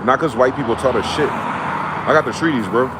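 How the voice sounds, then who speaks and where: A man's voice: mid-range voice, heavy background noise. A man from New Jersey delivering a heated, profane ranting monologue as a vlogger. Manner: profane, heated, fast-talking.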